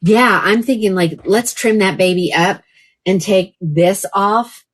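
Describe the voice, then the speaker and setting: Woman from oklahoma doing a live shopping stream, gushy and chatty, talks to viewers by name, middle pitch. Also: unhurried, slightly rough. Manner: chatty and gushing, often exclaiming and talking to viewers by name. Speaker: live shopping host selling wigs. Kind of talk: casual live-stream sales chat. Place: indoors by a fan.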